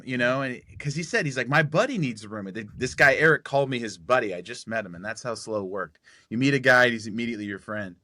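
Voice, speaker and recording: A man's voice: mid-range voice, fast talker, few pauses, pushed and bright, dry recording, studio quality. A man in his forties telling a personal story on a podcast, acting out the dialogue as he goes. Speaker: podcast guest.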